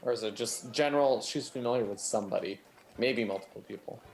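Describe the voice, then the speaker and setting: A man's voice: medium pitch, fast, soft background music. A man playing a tabletop game who asks questions in casual chat. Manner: inquisitive, asks many questions. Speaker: player.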